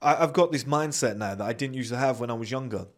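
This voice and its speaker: A British-accented man delivers a blunt, profanity-laced motivational talk as a podcast host. He swears freely and slips into quick put-on voices when quoting people. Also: medium pitch. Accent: British English. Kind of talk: motivational monologue.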